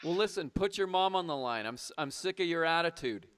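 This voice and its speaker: He speaks on the high side with lively intonation and a clear, resonant, slightly bright tone. As host of a comedy call-in program, he plays a blustering patriotic trucker who bombastically argues with callers.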